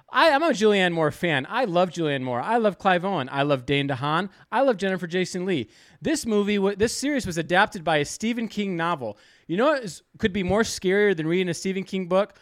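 A man with a high voice co-hosts a casual sports podcast and rants with animated energy. His mic is close and dry, with no room sound at all. He leans into mock-announcer build-ups. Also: no echo. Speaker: podcast co-host, media reviewer.

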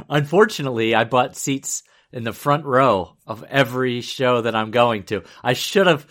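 A man's voice: mid-range voice, measured pace, fairly bright tone. A man co-hosting a podcast, chatting casually and easily, laughing often. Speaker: podcast co-host. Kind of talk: casual chat.

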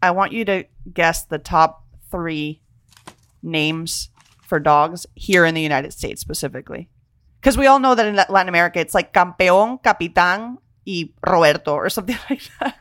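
An animated woman chatting on a podcast, swinging her voice way up whenever she quotes someone. She swears freely and talks in a loose, casual way. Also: on the low side, moderate pace, no room sound, studio quality. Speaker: podcast co-host. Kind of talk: casual chat.

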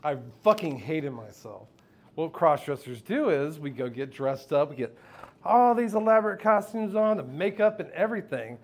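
A man's voice: fairly high pitch, animated, moderate pace. A man telling a candid, profane personal story at a live storytelling event, often laughing along with the audience. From United States. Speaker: storyteller on stage. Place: live stage before an audience.

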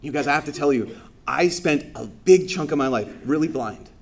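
A man's voice: a little high, expressive, moderate pace, gravelly. A man giving a conversational sermon as a priest during Mass. He talks casually with lots of fillers and acts out people's reactions.

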